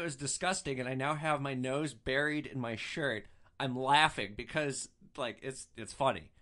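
A man's voice: medium pitch, moderate pace, bright, forceful tone. A young man hosting a podcast, telling stories casually, with a profane, wry streak. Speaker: podcast host. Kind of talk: casual storytelling.

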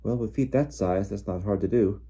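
A man's voice: on the low side, moderate pace, warm tone, close to an everyday voice. A man voicing a sneering teenage boy bully with a lazy, mocking drawl.

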